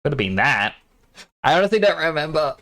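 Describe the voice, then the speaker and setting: A man's voice: a little high, big pitch swings, a little fast, fairly bright tone. Sleepy man chatting while gaming. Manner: rambling, chatty, laughs often. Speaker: streamer. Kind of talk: casual gaming stream chat.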